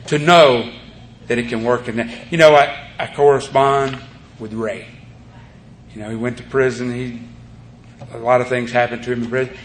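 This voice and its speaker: A man speaking at a recovery meeting, rambling as he tells his story with many "you know"s. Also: mid-range voice. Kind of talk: recovery talk to an audience. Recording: echoey room tape with faint hiss.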